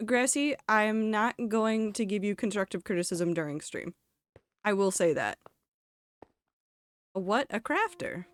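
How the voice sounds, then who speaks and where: A woman's voice: medium pitch, expressive, unhurried, long pauses, no echo. Chatty woman streamer. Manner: rambling, chatty, many filler likes. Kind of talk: casual live-stream chat while gaming.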